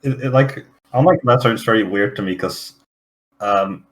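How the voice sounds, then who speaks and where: A man's voice: lowish voice, normal speed, rough recording. A young man from the Netherlands, chatting casually as podcast co-host, hesitant with many fillers. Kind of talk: casual chat.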